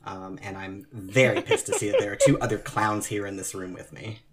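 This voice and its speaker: A man's voice: lowish voice, moderate pace, a loud crowd. A man describing his character as a player, casual and hesitant with many fillers. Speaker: tabletop game player.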